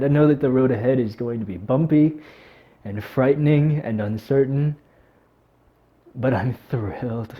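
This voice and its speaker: A man speaking to camera in a vlog, teary and on the edge of crying, talking in an emotional, halting way. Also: mid-range voice, muffled recording. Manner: emotional and halting, breaking into nervous laughs. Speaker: vlogger. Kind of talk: heartfelt talk to camera.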